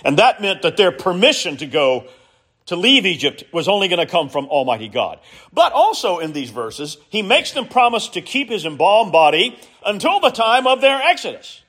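A man preaching a sermon, speaking earnestly and telling stories in a measured way with emphatic rises. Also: sits high, sing-song, fairly bright tone, breathy edge.

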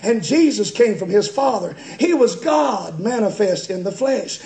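A male pastor preaching a fiery sermon in a church, swinging from quiet, slow reading to high, shouted preaching. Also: very animated. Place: church sanctuary. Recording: echoey church room.

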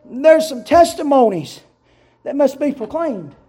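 A man preaching a sermon in a church, shouting in rising, chanted cadences. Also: very high-pitched, sing-song, unhurried. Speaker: pastor. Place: church sanctuary. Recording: roomy church sound from a distant mic.

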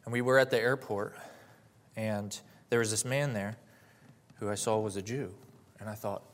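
A man's voice: lowish voice, steady tone, normal speed. A man in his late twenties giving a personal testimony and sermon, earnest and heartfelt, rising to fervent emphasis. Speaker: preacher.

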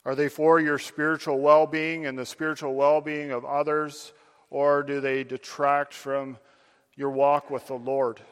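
A man's voice: fairly high pitch, little pitch movement, a little slow, clean tone. Earnest male preacher in a reverberant hall. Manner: earnest, direct address to listeners, building emphasis. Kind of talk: sermon.

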